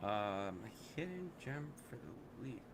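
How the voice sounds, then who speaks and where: A man's voice: on the low side, big pitch swings, a little slow, background noise. A middle-aged man co-hosting a casual podcast chat, swearing a lot and ranting with frequent laughs. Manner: profane, ranting, laughs often. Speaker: podcast co-host.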